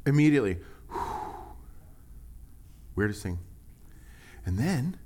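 A man preaching a sermon in a conversational, animated way, acting out little quotes as he goes. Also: medium pitch, slow, noisy background. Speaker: pastor.

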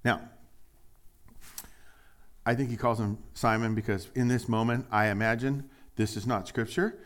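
A man preaching a sermon as pastor, animated and jokey, acting out little dialogues in put-on voices. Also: mid-range voice, fairly quick.

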